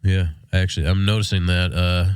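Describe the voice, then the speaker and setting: Man, 30s, stuffed-up nose, lowish voice, dry, easygoing rambling talk. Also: level tone, brisk, smooth, no room sound. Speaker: podcast co-host. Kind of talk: casual chat and read sponsor ads.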